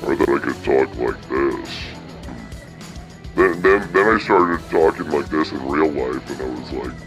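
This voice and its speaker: A man with a cold doing a husky, very deep impression of a soul crooner during podcast banter. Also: a little slow, over music. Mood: crooning. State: has a cold.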